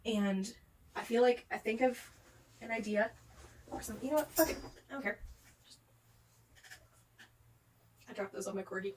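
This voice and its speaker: A woman's voice: a little high, normal speed, pauses often, a little mellow, distant mic, slight background noise. A young woman ranting in a book vlog at home, rambling and swearing, worn out after a day of crying. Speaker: book vlogger. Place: home, with pets nearby.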